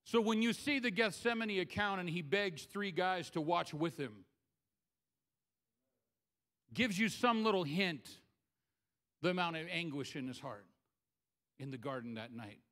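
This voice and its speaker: A man's voice: high-pitched, unhurried, long pauses, a bit bright. A man preaching a sermon as pastor, conversational and humorous, acting out scripture scenes in his own voice.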